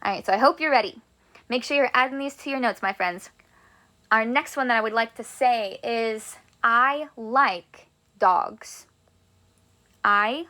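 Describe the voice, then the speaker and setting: Woman, Spanish teacher, upbeat, encouraging, fairly high voice, slow drawn-out examples. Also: a bit bright. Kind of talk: classroom grammar lesson.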